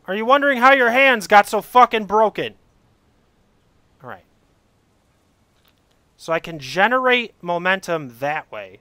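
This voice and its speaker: A young man giving let's play commentary, exasperated and swearing as he yells at the game he is playing. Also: high voice, expressive, unhurried, pauses often, clear, resonant tone, no room sound. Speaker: gamer playing a climbing game.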